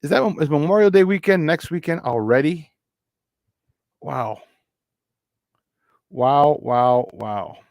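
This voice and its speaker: A man with a Chicago accent hosting a morning sports talk show, loose and joking as he gives hyped shout-outs to listeners. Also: fairly high pitch, takes it slowly, creaky, long pauses, no room sound, studio quality. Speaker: sports talk radio host.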